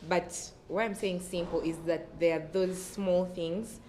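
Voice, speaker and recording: A woman in her twenties with a Ugandan English accent, telling a story in a relaxed panel chat and laughing between phrases. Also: fairly low pitch, a little slow, a little hiss or hum. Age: 20s.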